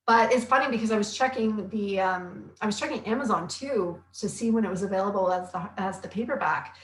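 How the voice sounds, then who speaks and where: A chatty, upbeat woman of middle pitch talks through a casual live stream, reading out viewer comments with quick asides. She sounds like a health coach and author. Her voice rings with a roomy echo. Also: fairly bright tone, a little hiss or hum.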